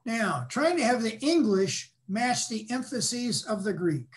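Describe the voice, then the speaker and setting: An older man lecturing, explaining patiently and pausing to restate his points. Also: extremely high pitch, sing-song. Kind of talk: academic lecture.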